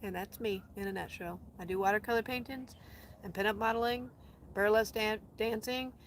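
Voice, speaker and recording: Gravelly-voiced woman chatting casually. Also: mid-range voice, fairly even intonation, a little fast, a little hiss or hum. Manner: chatty, rambling, self-correcting. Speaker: vlogger answering live chat. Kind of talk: casual livestream chat. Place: outdoors in the desert.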